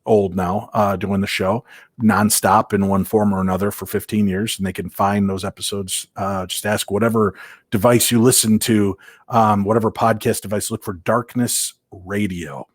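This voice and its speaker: A man from Minnesota telling paranormal investigation stories as an interview guest, animated and acting out quoted voices. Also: fairly low pitch, moderate pace, breathy edge, no echo, studio quality. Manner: lively, acts out quoted voices, many restarts.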